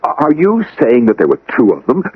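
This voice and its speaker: A man's voice: mid-range voice, wildly swooping pitch, a little fast, slightly rough. An actor playing a frightened employer who stammers toward hysteria over calls from a dead man, in a radio drama. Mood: panicked. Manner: panicky, stammering, near hysteria. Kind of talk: 1970s radio drama acting. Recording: lo-fi old radio broadcast.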